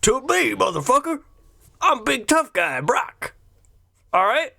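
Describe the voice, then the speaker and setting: A high, strained, dopey voice of a puffed-up tough guy who thinks he is in charge, put on by a man. He sneers and overplays every word in a jeering impression. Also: sing-song, slow, vocal fry, pushed and bright, full character voice. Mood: mocking. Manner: exaggerated, sneering, dumb-sounding. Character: mocking impression of a blustering tough-guy boat captain, man.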